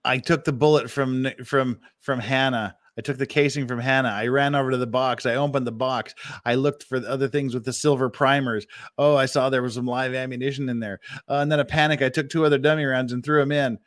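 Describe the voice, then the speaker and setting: A man giving profane, excitable reaction commentary who repeats himself as he talks. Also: medium pitch, brisk, no room sound, studio quality.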